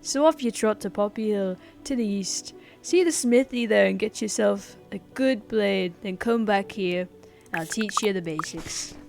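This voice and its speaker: A woman doing a loud bossy combat master with a shaky Scottish accent. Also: mid-range voice, moderate pace, creaky, close to an everyday voice. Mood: commanding. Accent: attempted Scottish. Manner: loud, commanding. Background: game music.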